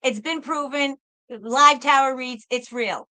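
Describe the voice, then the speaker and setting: A woman's voice: sits high, unhurried, pushed and bright. A woman hosting a casual livestream, talking bluntly and emphatically, swearing freely and calling her viewers folks. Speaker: livestream host.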